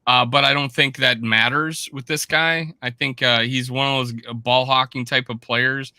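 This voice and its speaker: A man's voice: medium pitch, steady tone, moderate pace, sharp tone, clean tone, no room sound, studio quality. A man hosting a casual sports podcast, talking in a rambling, self-deprecating way. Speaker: podcast host.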